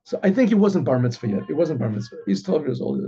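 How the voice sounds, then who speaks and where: A man's voice: a little high, sing-song, fast, dark tone, breathy edge. A man, a rabbi, telling a story in a casual, rambling way full of restarts. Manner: rambling, many restarts and fillers. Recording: dull lo-fi recording.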